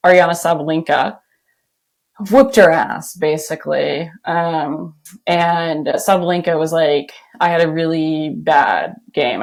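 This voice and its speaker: Woman, podcast host, casual chat, animated, laughs a lot, lowish voice. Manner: chatty, animated, laughs often.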